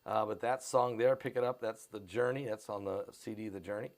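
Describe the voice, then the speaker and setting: A man with an American Midwestern accent hosting a live stream, pushing tickets in a repetitive, urgent pitch full of fillers. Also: a little fast, vocal fry. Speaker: host of a prophecy channel. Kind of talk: live-stream promotion and commentary. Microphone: on camera.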